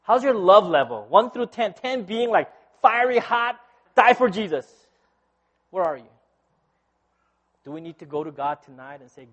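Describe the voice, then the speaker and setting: A middle-aged male pastor with a notably high voice, preaching in a chatty, personal way. He keeps checking in with his listeners and swings from loud, lively storytelling down to quiet, intense moments. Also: normal speed, pauses often, muffled recording. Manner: conversational preaching with frequent "right?" asides. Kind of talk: sermon.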